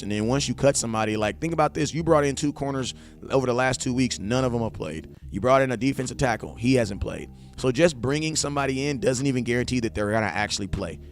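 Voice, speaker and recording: A young man hosting a sports fan live stream, talking casually and bluntly in slang, answering chat, often building to impassioned near-shouting. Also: mid-range voice. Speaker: sports fan show host.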